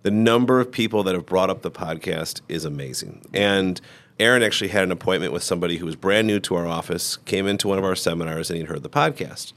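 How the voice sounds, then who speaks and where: Male podcast host, very low voice, relaxed storyteller. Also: fast talker. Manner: easygoing, storytelling. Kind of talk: casual chat.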